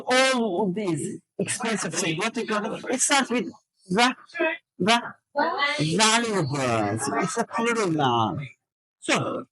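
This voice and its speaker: A woman's voice: medium pitch, a bit bright, husky, low-quality recording. A woman teacher trainer running a classroom lesson, drilling students with questions and counting out word stress. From Azerbaijan.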